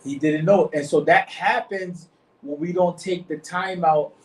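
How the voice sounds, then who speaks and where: A man's voice: a little high, fairly even intonation, measured pace. A man leading an informal religious discussion with a small group, rambling and repeating himself, often asking "you see what I'm saying?". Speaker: study circle leader. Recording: echoey room, mic far off, faint noise.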